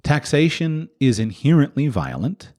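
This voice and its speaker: A man's voice: sing-song, a little slow. A man hosting a podcast, talking in an impassioned monologue full of repeated rhetorical questions. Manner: rhetorical, repeated questions with sharp pitch jumps. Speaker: podcast host.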